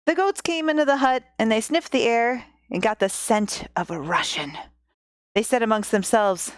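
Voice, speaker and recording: A woman's voice: on the high side, moderate pace, clear, resonant tone, no room sound, studio quality. A woman hosting a podcast, casually retelling a fairy tale with playful, giggly asides. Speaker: podcast host and storyteller. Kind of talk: casual storytelling. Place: home. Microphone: podcast microphone.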